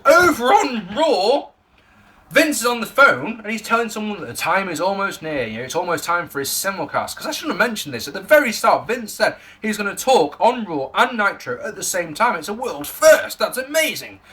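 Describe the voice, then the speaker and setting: An Englishman rants through a casual review of a wrestling show, swearing freely. His bright voice leaps up and down in pitch as he gets worked up. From England. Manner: animated, sweary ranting.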